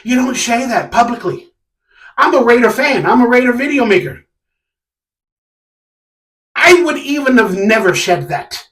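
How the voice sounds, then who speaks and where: High-voiced guy ranting on his fan stream, yells when annoyed, kinda far from the mic. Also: normal speed. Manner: animated, sarcastic, yells in exasperation. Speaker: sports fan channel host. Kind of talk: casual live-stream rant. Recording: echoey room, a bit off mic.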